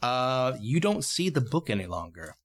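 A man narrating a tabletop role-playing game as game master, descriptive and relaxed. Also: mid-range voice, moderate pace.

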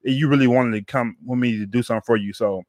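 A man's voice: medium pitch, steady tone, fast talker, a little mellow, no echo, clean studio sound. A man hosting a podcast in casual chat, rambling and repeating words with plenty of slang. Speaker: podcast host.

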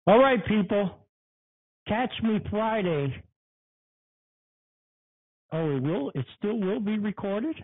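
A man's voice: high-pitched, animated, slow pace, pauses often, dry recording, phone-quality sound. A man hosting a casual podcast, angry and profane, mocking and swearing. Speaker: podcast host. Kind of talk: casual profane livestream rant.

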